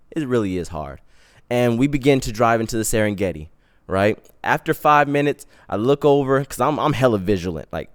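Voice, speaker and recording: A man with a smooth, clear voice at a middling pitch hosts a podcast, spinning a personal tale in an animated, slang-filled way. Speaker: podcast host. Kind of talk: storytelling podcast.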